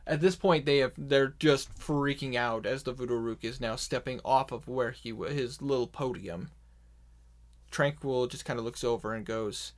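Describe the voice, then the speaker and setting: A man narrating a tabletop game as game master, slow and deliberate, with excited bursts. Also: medium pitch.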